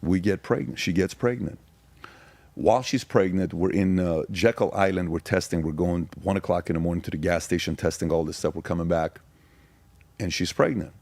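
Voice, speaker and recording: A man in his forties from Iran, a podcast guest telling personal stories in an intense, emphatic way with rapid repeated phrases. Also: deep voice, a little mellow, no echo. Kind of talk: candid personal storytelling.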